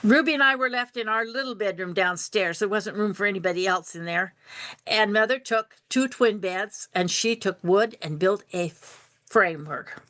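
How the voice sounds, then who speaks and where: An older woman telling a personal family story aloud, unhurried, repeating phrases for rhythm. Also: medium pitch, fairly bright tone.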